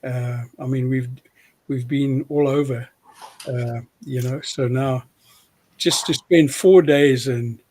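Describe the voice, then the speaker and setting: A man's voice: mid-range voice, fairly even intonation, slow pace, warm tone. A man with a South African accent, a preacher chatting casually as an interview guest, self-deprecating and often restarting his sentences.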